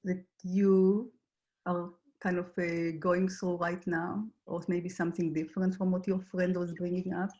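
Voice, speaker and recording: Soft-spoken woman guiding reflection. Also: lowish voice, level tone, a little slow, dull audio. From Israel. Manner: gentle, hesitant, many fillers. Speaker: workshop facilitator. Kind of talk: guided reflection in an online workshop.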